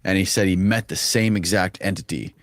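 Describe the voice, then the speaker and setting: A man's voice: low-pitched, steady tone, brisk, no echo. A man interviewing a guest in casual conversation and asking questions.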